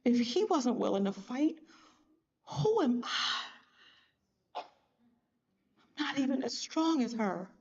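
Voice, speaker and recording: A woman's voice: on the high side, big pitch swings, takes it slowly, pauses often, warm tone, highs cut off, exaggerated voice. A woman speaker acting out a discouraged, self-doubting woman giving up on her dream, in a defeated voice. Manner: defeated, trailing off into a whisper.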